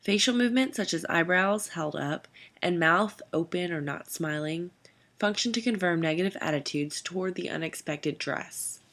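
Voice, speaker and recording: A woman giving a scripted educational narration as an instructor, reading out lists of terms in a measured way. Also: lowish voice, animated, a bit bright.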